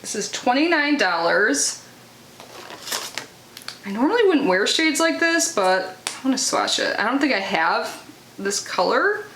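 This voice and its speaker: A woman's voice: a little high, big pitch swings, unhurried, long pauses, a bit bright. A young woman in casual unboxing chat, chatty and full of filler words as she reads out product blurbs. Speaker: unboxing vlogger. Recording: echoey room with faint noise.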